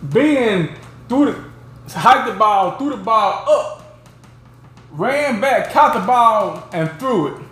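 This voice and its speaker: A man hosting his own show, telling rambling, animated stories about backyard games and peppering them with "you know what I'm saying". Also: sits high, slow pace, long pauses, echoey room. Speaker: show host. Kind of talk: casual storytelling.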